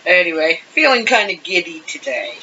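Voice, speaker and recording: A woman leisurely lays out a tarot reading in a casual, rambling chat, laughing easily between cards. Her voice sits a bit low but has a bright, forward edge. The recording is dull and lo-fi, with a faint hiss underneath. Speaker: tarot card reader.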